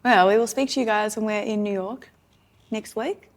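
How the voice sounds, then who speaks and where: A woman with an Australian accent, hoarse as she recovers from illness, chatting as a podcast co-host. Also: medium pitch, normal speed. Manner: chatty, laughs often. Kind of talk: casual chat.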